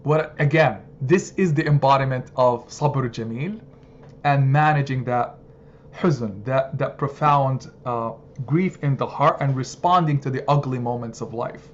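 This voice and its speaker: A man giving a heartfelt religious lesson to a study circle, expressive and rising to emphatic peaks. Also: measured pace. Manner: expressive, builds to emphatic high points. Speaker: religious teacher. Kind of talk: sermon-style study circle talk. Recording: slightly dull sound, faint background noise.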